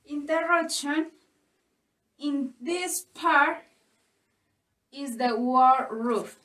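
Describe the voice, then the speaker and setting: Slow high-voiced Colombian woman, echoey room. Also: fairly bright tone. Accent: Colombian Spanish. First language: Spanish. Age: young adult. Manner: deliberate, spells out letters and repeats example words. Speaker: student presenter. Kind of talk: reading phonetics rules for a lesson. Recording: echoey room, distant from the mic.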